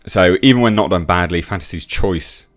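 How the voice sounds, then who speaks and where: A deep-voiced man from England reviews an article on YouTube at a moderate pace, reading it out and mocking it with opinions. He scoffs, laughs at the text and makes many restarts.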